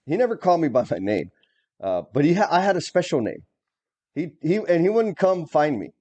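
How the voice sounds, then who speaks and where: A man's voice: on the high side, very animated, brisk, mellow, muffled recording. A middle-aged man, a former plumbing superintendent, telling stories from the trade in a casual, blunt way, with mild cursing. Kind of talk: casual conversation.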